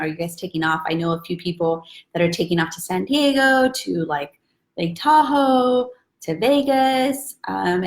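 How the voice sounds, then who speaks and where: A woman's voice: mid-range voice, vocal fry, reverberant. A woman hosting a casual live stream, upbeat and chatty as she greets viewers by name. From Southern California.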